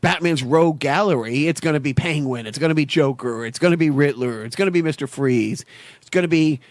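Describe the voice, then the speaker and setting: A man's voice: a little high, a little fast, no echo. A man co-hosting a podcast in casual chat, rambling and enthusiastic as he retells movie scenes. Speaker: podcast co-host.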